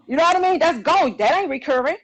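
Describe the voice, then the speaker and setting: High-voiced woman telling a lively story. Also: quick pace, low-quality recording. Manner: animated, acts out quotes, exclaims. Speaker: podcast co-host. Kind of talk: casual storytelling chat.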